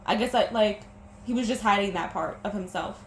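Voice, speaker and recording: Brisk and medium-pitched, a young woman's voice carries an emotional breakup vlog. She sniffles, sounds teary, and stumbles, restarting as she goes. The space is echoey, with a faint noise floor.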